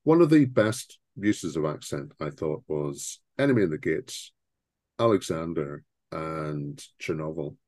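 A man's voice: a bass voice, lively intonation, a little slow, a little mellow, no room sound. A man co-hosting a podcast, giving opinionated, rambling film talk with many restarts. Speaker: podcast co-host. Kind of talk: casual film discussion.

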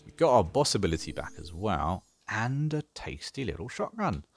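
A gaming channel host plays a strategy game and casually talks it through, thinking aloud with dry sarcasm. His fairly low voice has a sing-song lilt at normal speed.

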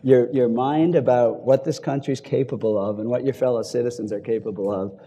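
Panelist, man, mellow voice, lively anecdotes in a ballroom. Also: mid-range voice. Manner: animated storyteller, quick asides and chuckles. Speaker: panelist, advocacy group leader. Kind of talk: panel discussion. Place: hotel ballroom.

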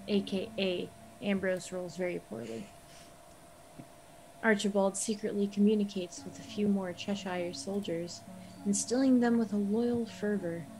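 A woman reading a recap of a tabletop game session as a player, with a steady, even storytelling manner. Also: medium pitch, rough recording. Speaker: player recapping the last episode.

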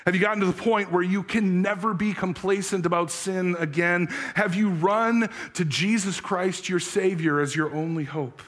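A man's voice: high-pitched, fairly even intonation, moderate pace, few pauses, a bit bright. Earnest man preaching a sermon. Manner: earnest, searching questions to the congregation; tells a story with acted voices. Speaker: pastor.

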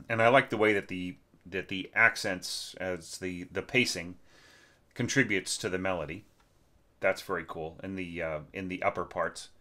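Male orchestration teacher, low voice, stuffed-up and throat-clearing, chatty score review with a sharp edge. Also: a little slow. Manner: conversational, many fillers and tag questions. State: congested, clearing his throat. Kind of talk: casual spoken score critique.

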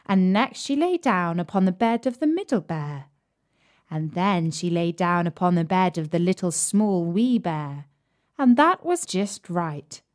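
A woman reading fairy tales aloud slowly and clearly for English learners, deliberate and sometimes dropping soft. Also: fairly low pitch. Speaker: storyteller.

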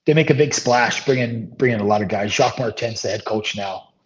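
A man's voice: lowish voice, brisk. Laid-back man telling a long story. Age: 30s. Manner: rambling, relaxed anecdotes with many fillers. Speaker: retired hockey player, guest. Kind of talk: casual storytelling interview. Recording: slightly dull lo-fi sound.

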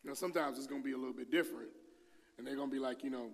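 A middle-aged man preaching a sermon in a church, talking lively and acting out the voices of the people he quotes. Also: rapid-fire, vocal fry. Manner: lively, acts out quoted voices with big swings in pitch and volume. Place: church sanctuary. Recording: long hall reverb.

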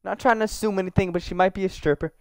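A man's voice: high voice, steady tone, racing, a little mellow, smooth, no room sound, studio quality. A young man giving casual, slangy gameplay commentary, joking and talking to the characters in his game. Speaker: gaming YouTuber.

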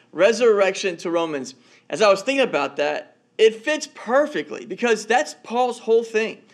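A man, a married father, giving a conversational sermon as pastor, telling stories and often repeating words as he goes. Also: sits high. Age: adult, married father.

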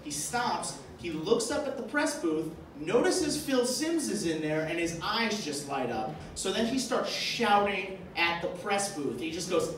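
A man's voice: high-pitched, big pitch swings, measured pace, hardly any pauses, fairly bright tone, a faint crowd, a little hiss or hum. A man from Boston doing a stand-up comedy set, telling rambling stories full of fillers. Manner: rambling, filler-heavy storytelling. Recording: echoey club mic from far off. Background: audience laughter.

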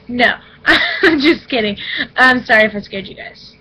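A young woman vlogging at home in an excited, playfully dramatic way, often squealing. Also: on the high side, unhurried, slightly rough, low-quality recording. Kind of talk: excited casual vlog. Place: indoors at home.

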